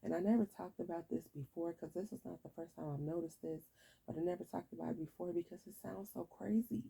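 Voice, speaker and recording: Woman, sleepy vlogger; husky, dark voice; rambling frustrated rant with restarts. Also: on the low side, fast, low-quality recording. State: sleepy, yawning. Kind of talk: late-night casual rant to camera.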